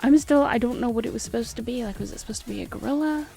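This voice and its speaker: Faint music sits behind this livestream host as she chats very fast about an old film. Her slightly high voice is gravelly yet mellow, and she's wry and chatty, responding to her chat as she goes.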